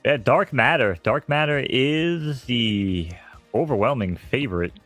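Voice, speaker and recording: A man's voice: mid-range voice, lively intonation, measured pace, a bit bright, faint music behind. A man with a New York accent hosting a live stream, chatting loosely and poking fun at himself. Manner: rambling, self-mocking, breaks into laughs. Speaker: stream host and horse owner. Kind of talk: casual live-stream chat.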